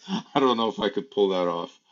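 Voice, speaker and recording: A man's voice: fairly low pitch, lively intonation, moderate pace. A man hosting a casual livestream, chatting loosely with laughs and plenty of fillers. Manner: rambling, chatty, laughs often, many fillers. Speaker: livestream host. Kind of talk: casual live-stream chat. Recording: dull lo-fi sound.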